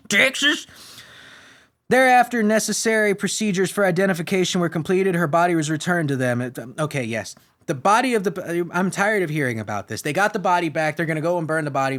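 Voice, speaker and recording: A man's voice: fairly high pitch, a bit bright. A man from the United States hosting a podcast, reading news articles aloud and adding sarcastic, profane comic commentary, often stumbling over names. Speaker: podcast host.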